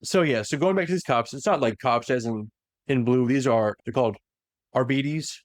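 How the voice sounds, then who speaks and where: A man's voice: mid-range voice, moderate pace, no room sound, studio quality. A man hosting a podcast, casually retelling a story with lots of fillers and self-corrections. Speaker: podcast host.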